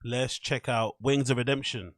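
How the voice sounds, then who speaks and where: At normal speed and in a steady, medium-pitched voice, a man hosts a casual commentary show about online clips. He swears freely, laughs a lot and talks with his live chat viewers, captured in a dry, clean studio recording.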